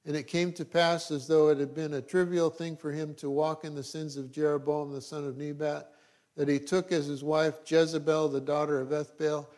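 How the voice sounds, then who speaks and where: A man's voice: on the high side, level tone, normal speed, a little mellow. A middle-aged male pastor preaching a sermon, reading scripture and adding dry joking asides.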